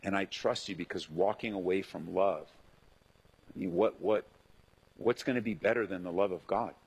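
A middle-aged man, a pastor, preaching a sermon in an animated way, acting out the voices he quotes. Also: low voice, normal speed, husky, poor audio.

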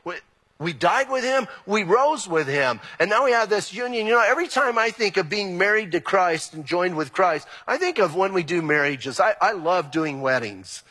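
Animated preaching man in a reverberant hall. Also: sits high, moderate pace, slightly rough. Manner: animated preaching, emphatic and exclamatory. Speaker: pastor. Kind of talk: sermon. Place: church sanctuary.

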